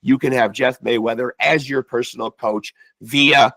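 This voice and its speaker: A man's voice: mid-range voice, steady tone, normal speed, a bit bright, dry recording, rough recording. A man hosting a boxing podcast, talking in an effusive, rambling way and losing his voice. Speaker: podcast host. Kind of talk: casual interview sign-off and promo. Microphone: video call setup.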